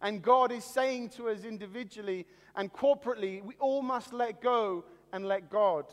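A male pastor delivering a sermon to people watching, earnest and deliberate with slow dramatic pauses. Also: extremely high pitch, a bit bright. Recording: long hall reverb.

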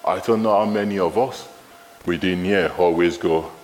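A man with a Nigerian accent delivers a sermon, his fairly low voice jumping high when he gets animated and doubling back on his words. His voice rings through a big hall with long reverb, and soft music plays faintly behind him. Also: normal speed. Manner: lively, animated, repeats phrases, rises high when excited. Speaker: preacher.

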